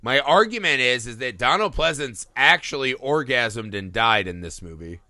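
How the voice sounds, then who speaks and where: A man hosting a casual film podcast, talking in an animated, profane way and acting out movie scenes. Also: medium pitch, moderate pace, dry recording, clean studio sound. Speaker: podcast host.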